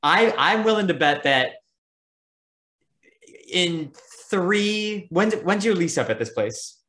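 A man's voice: sits high, lively intonation, takes it slowly, bright, forceful tone. A man co-hosting a podcast, chiming in with enthusiastic, profane reactions. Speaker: podcast co-host. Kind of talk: casual chat.

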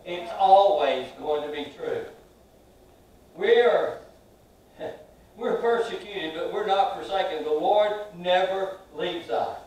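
A high-voiced preacher rises to ringing, stretched-out shouts and drops to quiet asides, asking the congregation questions. He is heard from a distance, and the sound rolls around a very reverberant church hall. A faint hiss sits underneath. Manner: swings from loud, drawn-out shouts to soft asides; asks the congregation questions and has them repeat after him. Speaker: pastor. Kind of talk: sermon. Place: large church sanctuary. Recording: very echoey hall, heard from afar.

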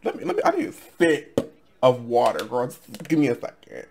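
A man's voice: medium pitch, huge pitch swings, normal speed, gravelly, background noise. A man in his twenties telling a storytime vlog to camera, sassy and profane, laughing often and calling viewers girl. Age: 20s. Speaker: storytime vlogger. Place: at home in front of a camera.

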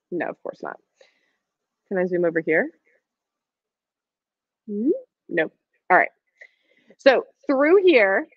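A woman leads a live online craft class, talking viewers through each step in a friendly, encouraging way and pausing on ums as she works. Her voice sits in a middle range. The sound is dry and a little dull, like a webcam stream. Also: medium pitch, no room sound. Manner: chatty, encouraging, answers viewer questions, many ums. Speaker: quilting instructor.

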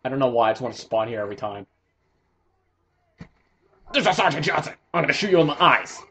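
A young man giving casual, excitable commentary while playing a shooter game, swearing and joking. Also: mid-range voice, quick pace. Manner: excitable, swearing, jokey outbursts. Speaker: gaming commentator.

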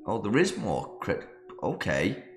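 A man's voice: on the low side, wildly swooping pitch, unhurried. A man hosting a let's play, reacting aloud to a game in an unsettled, joking way. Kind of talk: gaming commentary. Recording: echoey room with game music. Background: game music.

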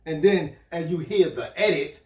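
A man co-hosting a casual reality show review, joking and offering quick theories. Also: fairly high pitch, darkish tone, far from the mic. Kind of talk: casual chat. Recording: echoey room, away from the mic.

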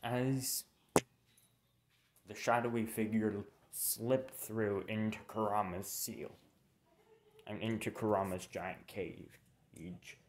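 A man's voice: lowish voice, fairly even intonation, slow, long pauses, slight background noise. A young man casually narrating a fan story, rambling and correcting himself with informal asides. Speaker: channel narrator.

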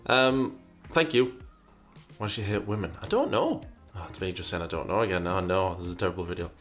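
Lowish-voiced man musing over viewer questions. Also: animated, a little fast, fairly bright tone, faint music behind. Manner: reads questions aloud, muses, repeats himself. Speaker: host answering viewer questions. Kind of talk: casual chat.

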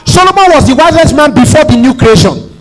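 High-voiced man preaching emphatically. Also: lively intonation, fairly quick, rough recording. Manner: emphatic preaching with call-and-response prompts; repeats phrases for emphasis. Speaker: pastor. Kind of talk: sermon.

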